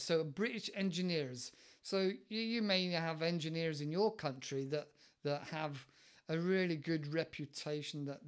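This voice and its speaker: Man, podcast host, casual chat, rambling, animated, repeated words, studio mic. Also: sits high, smooth. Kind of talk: casual English-learning podcast talk. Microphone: studio microphone with headphones.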